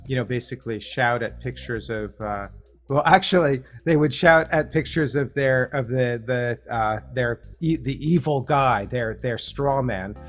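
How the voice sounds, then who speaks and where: Middle-aged male host, halting video-call rambler, mid-pitched voice, soft guitar underneath. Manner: rambling, halting, full of restarts. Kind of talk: casual video-call chat.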